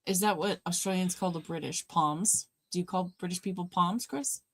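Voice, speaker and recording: Chatty low-voiced woman co-host. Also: moderate pace, a bit bright. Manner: chatty and rambling, laughs often. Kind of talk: casual chat during a live watch party.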